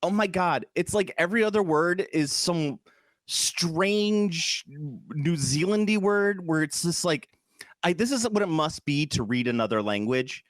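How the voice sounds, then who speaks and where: Male podcast co-host, animated, jokey, dry close mic. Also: a little high, a little slow, no echo. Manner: animated, joking, tries accents. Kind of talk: casual chat.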